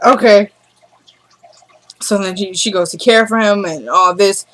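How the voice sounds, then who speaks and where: A woman's voice: mid-range voice, unhurried, a bit bright, slight background noise, low-quality recording. A woman vlogger casually recapping a TV episode, retelling scenes in a chatty storytelling way and quoting the characters.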